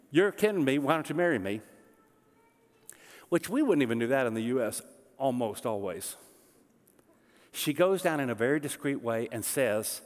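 Pastor preaching in a reverberant hall. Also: male voice, medium pitch. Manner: conversational, explanatory preaching with humor. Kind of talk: sermon.

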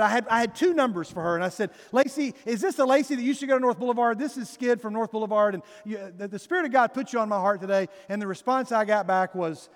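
High-voiced preacher telling a story in a hall. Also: male voice. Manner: storytelling, animated, acts out voices in his story. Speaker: pastor. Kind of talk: sermon. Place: church sanctuary. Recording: reverberant church hall.

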